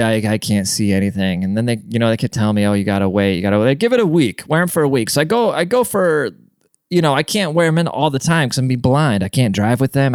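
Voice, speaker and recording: Young male podcast host, smooth dry voice, rambling cussing storyteller. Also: medium pitch, no room sound. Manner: rambling and profane, with frequent restarts and "dude". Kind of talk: casual storytelling monologue.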